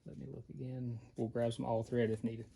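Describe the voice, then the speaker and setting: A man's voice: mid-range voice, flat delivery, fairly quick, vocal fry, dark tone, slightly rough. A man giving a casual how-to while he works on a vehicle, plain-spoken and out of breath. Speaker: off-road parts maker showing an install.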